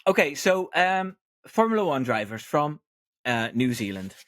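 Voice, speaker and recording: A man hosts a podcast and tells a long joke in an unhurried, rambling way. He pauses often with ums and restarts. The sound is dry, with no room echo. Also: a little high, very animated, fairly bright tone. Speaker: podcast host. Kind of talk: casual chat, telling a joke.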